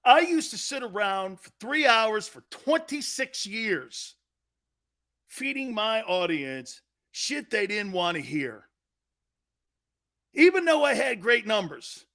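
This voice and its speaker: A man's voice: high-pitched, big pitch swings, slow pace, pushed and bright. A man hosting a sports talk show in a blunt, profane, mocking monologue, laughing often.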